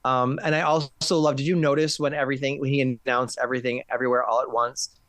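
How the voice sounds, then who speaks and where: A man talking about films in casual chat, quick and enthusiastic, with many restarts. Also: mid-range voice, flat delivery, fairly bright tone, no room sound. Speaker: film critic.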